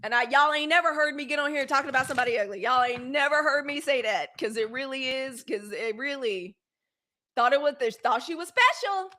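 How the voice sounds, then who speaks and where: Talking a little fast in a sharp, high-pitched voice, a woman hosts a live-streamed news show and speaks casually, straight to her audience. She's outspoken and chatty, slipping readily into blunt, profane rants, and calls viewers "y'all" and "girl."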